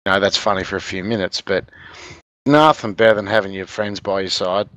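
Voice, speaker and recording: A man's voice: sits low, fairly even intonation, a little fast, a bit bright. Laid-back Australian man telling stories. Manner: laughs often, rambling storyteller with fillers. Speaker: podcast guest, game video maker. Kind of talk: casual chat.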